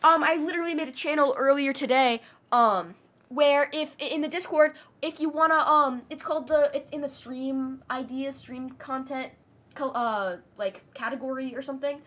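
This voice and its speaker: A woman's voice: high-pitched, normal speed, fairly bright tone. A young adult woman streamer chatting casually with her audience and talking sweetly to her cat. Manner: chatty, talks baby-talk to her cat.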